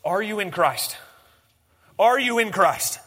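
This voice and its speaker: A man preaching a sermon, swinging from animated emphasis to hushed, intense lines. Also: high voice, slow, big-room sound. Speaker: pastor.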